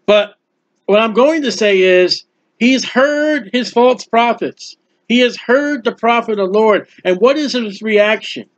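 A man's voice: high-pitched, unhurried. A man preaching an expository Bible sermon, acting out the biblical characters and quoting scripture. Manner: animated, acts out biblical characters, quotes scripture. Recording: dull lo-fi recording.

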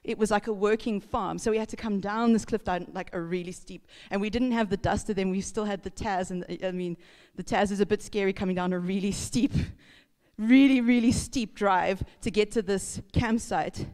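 A woman pastor, telling a lively story in a casual sermon, laughing and acting out sounds. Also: medium pitch, moderate pace. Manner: chatty, laughing, acts out sounds and voices. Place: church hall. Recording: reverberant church hall.

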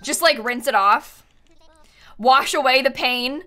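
Excitable high-voiced woman streamer. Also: slow pace, faint music behind. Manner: excitable, laughs often, shouts in exasperation. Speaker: game streamer. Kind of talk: live-stream chat while gaming.

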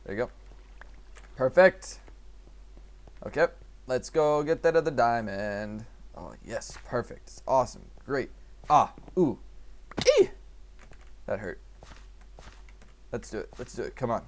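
A man commentating his own gameplay, talking to himself and swinging from quiet mutters to excited shouts. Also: mid-range voice, unhurried, pauses often. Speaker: gaming youtuber.

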